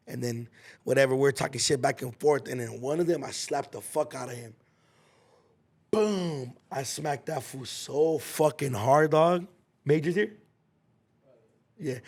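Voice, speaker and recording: A man's voice: medium pitch, steady tone, moderate pace, creaky, pauses often. A young man from Los Angeles, hosting a podcast and telling a story in a casual, slangy, profane way, with spoken sound effects. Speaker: podcast host.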